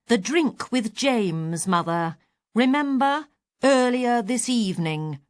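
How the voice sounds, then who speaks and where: A woman voicing an exasperated grown daughter who talks slowly and loudly. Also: fairly high pitch, lively intonation, pitched above the performer's own voice. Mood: patronizing. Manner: slow, loud, over-enunciated.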